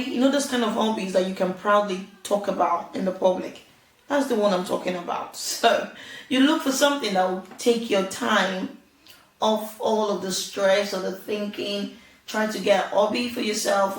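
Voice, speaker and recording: A woman giving casual parenting advice, earnest and chatty, laughing now and then. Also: mid-range voice. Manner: earnest, laughs often, acts out little quoted exchanges. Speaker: parenting vlogger. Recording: roomy echo, distant from mic.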